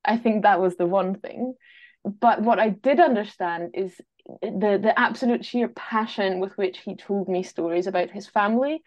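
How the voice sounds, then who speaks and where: A woman's voice: mid-range voice, normal speed, darkish tone, highs cut off. A woman from Austria whose accent blends a Glasgow Scottish lilt with her own, chatting easily as a guest and laughing now and then. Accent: Austrian with a Glasgow Scottish overlay. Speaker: guest, travel writer. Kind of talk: casual interview chat.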